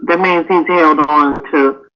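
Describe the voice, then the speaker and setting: A polite caller on a livestream, speaking very slowly with halting pauses. The voice has a middle pitch. The call audio is dull and muffled. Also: steady tone, fairly bright tone. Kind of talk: call-in comment.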